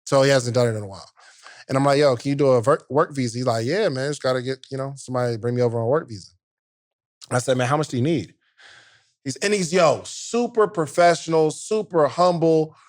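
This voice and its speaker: A man's voice: mid-range voice, quick pace, no echo, clean studio sound. A man co-hosting a podcast, casually retelling a story with lots of quoted back-and-forth and street slang. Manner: animated retelling with quoted dialogue, slang-heavy. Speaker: podcast co-host.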